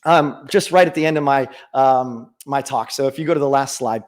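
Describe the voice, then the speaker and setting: A man's voice: mid-range voice, moderate pace. A middle-aged man giving a conference talk with a personal story, earnest and full of restarts and fillers, into a stage microphone. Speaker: conference speaker.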